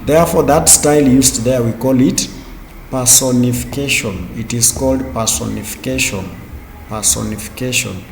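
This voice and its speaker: A man teaching a class, speaking slowly and deliberately, repeating key terms and spelling words out letter by letter. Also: medium pitch, gravelly, slight background noise. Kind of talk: classroom lecture. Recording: echoey room with long reverb.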